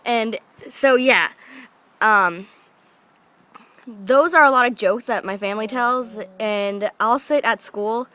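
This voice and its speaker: A woman's voice: fairly high pitch, slow pace, bright, forceful tone. Chatty young woman vlogging. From Alaska. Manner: chatty, rambling, slips into voices for family members. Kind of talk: casual storytelling to camera.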